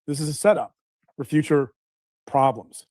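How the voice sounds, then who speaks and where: A man's voice: fairly high pitch, moderate pace, a little mellow, no echo, studio quality. A man explaining psychology on a podcast in a lecturing way, often restarting his words.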